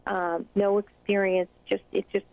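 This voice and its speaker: A woman hosts a conversational interview, encouraging her guest and pausing often on fillers. The audio sounds muffled and bone dry, with no room around the voice. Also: mid-range voice, flat delivery, dry recording. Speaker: interview host, child anxiety specialist.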